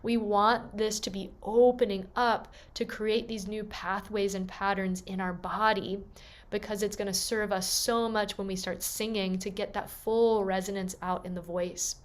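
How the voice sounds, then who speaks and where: A woman voice teacher leading a gentle, encouraging vocal warm-up lesson and demonstrating the sounds herself. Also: medium pitch, level tone, unhurried.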